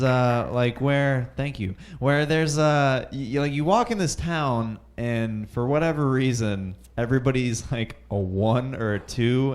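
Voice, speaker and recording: A young man doing nervous, rambling stand-up at an open mic in a comedy club, full of fillers and chuckles at his own jokes. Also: medium pitch. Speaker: stand-up comic.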